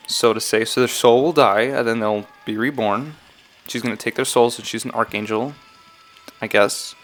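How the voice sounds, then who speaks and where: A man's voice: mid-range voice, fairly bright tone. Rambling man unpacking song lyrics. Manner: rambling, self-correcting, often unsure. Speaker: YouTuber analyzing game song lyrics. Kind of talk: casual commentary vlog.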